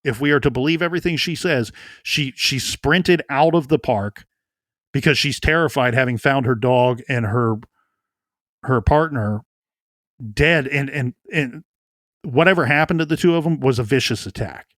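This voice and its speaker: Earnestly working through a true crime case, this co-host often repeats words while thinking out loud. He speaks at a normal speed in a medium, slightly bright voice, captured as a dry, studio-quality recording.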